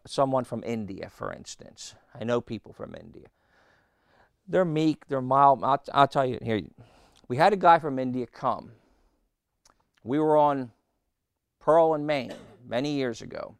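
A man's voice: fairly high pitch, clear, resonant tone, no room sound, clean studio sound. A man preaching a sermon, telling anecdotes with rhetorical questions and acted-out quotes.

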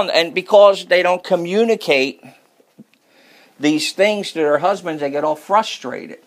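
A man preaching to a congregation with a gravelly, slightly raised voice. He talks in a folksy, joking way that shifts between low, confiding asides and louder, emphatic points. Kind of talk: sermon.

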